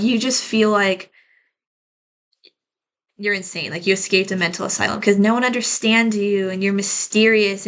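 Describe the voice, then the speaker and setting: Woman, tarot reader, casual chat to viewers, rambling, lots of fillers, bright sharp tone. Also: mid-range voice. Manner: chatty and rambling, many "like" fillers, addresses viewers as y'all. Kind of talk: casual collective tarot reading to camera.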